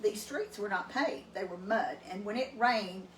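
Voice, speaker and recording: A woman from East Texas, a cooking show co-host, speaks in a mid-range voice at a measured pace with a Southern accent. She tells rambling, folksy family stories in casual conversation. The room is echoey, the mic sits at a distance, and there's faint noise.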